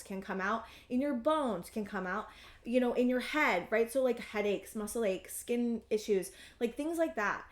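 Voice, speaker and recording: A young woman giving a collective tarot reading, rambling with many fillers and gently reassuring the listener. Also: fairly high pitch, echoey room. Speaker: tarot reader.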